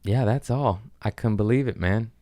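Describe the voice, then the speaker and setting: A man speaks at normal speed in a fairly low pitch, with no echo on the recording. As a podcast host, he tells funny stories in a loose, rambling style, swearing heavily and putting on animated voices.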